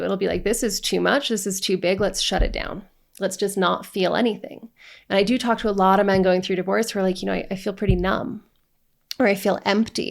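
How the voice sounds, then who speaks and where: A woman's voice: medium pitch, vocal fry. A woman working as a divorce coach, talking straight to camera in an earnest way, often checking in with "right?" and listing feelings one after another. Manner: earnest, repeats "right?" and lists emotions in long runs. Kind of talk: direct-to-camera coaching talk.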